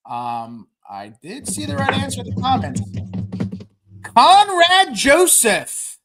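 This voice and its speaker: A man's voice: sits high, wildly swooping pitch, normal speed, over music. A man running the trivia segment of a casual sports podcast, loose and joking. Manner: loose, joking, rambling with fillers.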